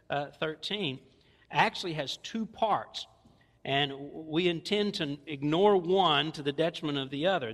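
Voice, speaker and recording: Southern guy preaching, kinda high voice, chatty and folksy, long echo like a church hall. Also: fairly bright tone. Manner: folksy, conversational preaching with playful asides. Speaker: pastor. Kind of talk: sermon.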